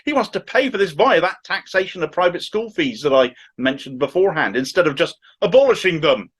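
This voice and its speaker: A man's voice: a little high, animated, a little fast, a bit bright, slightly rough. A middle-aged man from Cornwall with a thick Cornish accent, giving sardonic, opinionated political commentary to camera. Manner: sardonic, mocking asides.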